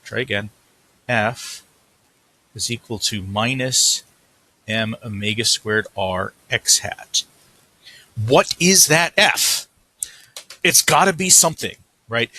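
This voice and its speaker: A man with a husky, bright-edged, mid-range voice explains a physics problem step by step in a recorded lecture, thinking aloud as he writes and pausing to fix slips before moving on. His delivery is casual and easy, with lively intonation, a slow pace and long pauses.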